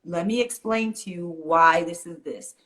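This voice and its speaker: A woman's voice: fairly low pitch, normal speed. A middle-aged woman, a mother and teacher, talking earnestly in an interview and acting out what she says to kids. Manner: earnest, animated storytelling, acts out quotes. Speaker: guest, fitness teacher and mother. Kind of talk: conversational interview.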